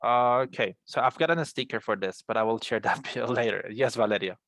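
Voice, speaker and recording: A man's voice: mid-range voice, fairly quick, creaky, a bit bright, dry recording. Man, English teacher, encouraging, repeats words, video call, dry. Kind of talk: online class teaching.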